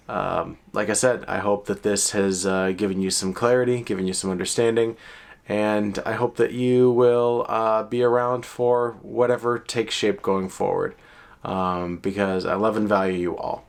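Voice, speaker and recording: A young adult man giving a reflective, casual update to his viewers, often pausing to search for words. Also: lowish voice. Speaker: video creator. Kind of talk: casual vlog update to camera.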